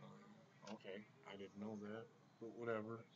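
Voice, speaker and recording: A man's voice: on the low side, level tone, normal speed, dull audio, a loud crowd. A man hosting a casual wrestling talk show, blunt and profane, who stammers as he starts a point. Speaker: podcast host.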